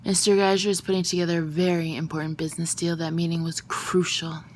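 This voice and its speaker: A woman's voice: on the low side, flat delivery, brisk, slight background noise, close to an everyday voice. A woman reading as a haughty lady employer. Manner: haughty, lecturing. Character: snobbish haughty lady of the house.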